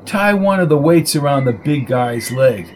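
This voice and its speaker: A man's voice: medium pitch, expressive, normal speed, a little hiss or hum, close to an everyday voice. A man voicing a cold, treacherous mob son. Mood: menacing. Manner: cold, commanding, menacing.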